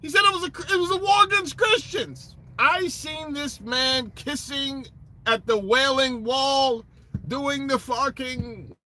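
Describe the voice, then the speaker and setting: A man's voice: very high voice, slow pace, sharp tone. A man ranting in casual commentary, profane and sarcastic, full of street slang, rambling with restarts and asides. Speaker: political commentator.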